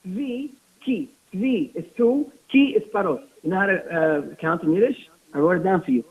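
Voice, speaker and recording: A man preaches with animated storytelling and keeps asking rhetorical questions. His voice is high and husky. The sound is thin and phone-like. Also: a little fast. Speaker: rabbi giving a talk. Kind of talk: sermon with storytelling. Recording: tinny phone-like lo-fi audio.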